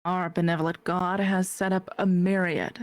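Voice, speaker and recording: A woman's voice: fairly low pitch, flat delivery, normal speed, no echo, lightly acted. A woman voicing a formal male herald of a god, speaking in a stately, ceremonial way.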